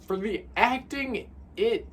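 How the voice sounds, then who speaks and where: A man's voice: sits high, takes it slowly, a bit bright, breathy edge. A young man giving a casual, rambling movie review, often repeating words and saying "like".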